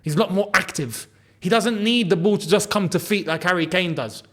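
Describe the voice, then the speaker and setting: A young man hosting a football channel, ranting in an animated way and hammering points home by repeating them. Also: high voice, a little fast.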